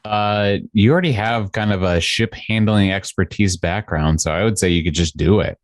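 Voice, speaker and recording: A man running a tabletop game as game master, with a quick, easygoing manner. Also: lowish voice, no room sound.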